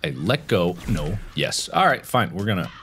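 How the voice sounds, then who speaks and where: A young man giving let's play commentary while he rages, swinging from low mutters to loud frustrated yelling. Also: big pitch swings, normal speed, slight background noise. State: frustrated and raging. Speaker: gaming video creator.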